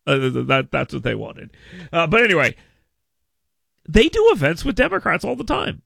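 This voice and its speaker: A high-pitched male radio host with a gravelly edge and a bright, sharp tone. He rambles in an animated way, stammering and restarting his sentences. The studio sound is dry and close. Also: brisk, dry recording. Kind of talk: casual talk radio banter.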